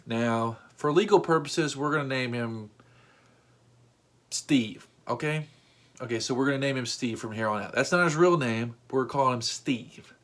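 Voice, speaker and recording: A man's voice: medium pitch, normal speed, a bit bright. A man hosting a storytime vlog, telling an exasperating story with rising outbursts. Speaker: vlog host.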